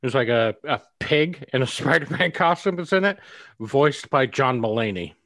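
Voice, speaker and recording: A man's voice: medium pitch, animated, normal speed, a bit bright, dry recording. A man chatting casually as a podcast co-host, laid-back and swearing freely. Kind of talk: casual chat.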